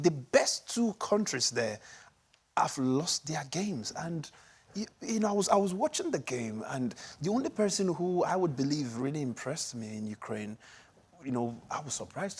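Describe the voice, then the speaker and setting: A man from Nigeria co-hosting a sports show, talking in animated, excitable bursts with many restarts. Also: a little high, normal speed, husky. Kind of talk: casual sports chat.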